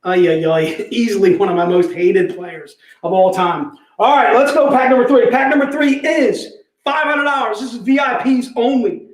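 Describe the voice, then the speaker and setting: Energetic male livestream host, high-pitched, jokey patter, roomy echo. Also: moderate pace. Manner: energetic, joking, repeats "all right". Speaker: livestream host selling comic packs. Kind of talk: casual sales livestream chat. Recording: echoey room.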